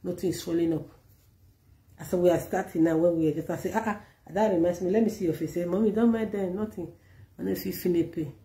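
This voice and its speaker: A woman's voice: fairly low pitch, steady tone, fast talker, mellow. A woman pastor preaching and leading prayer, urging listeners with fervent, repetitive exhortations. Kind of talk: sermon with prayer. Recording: echoey room.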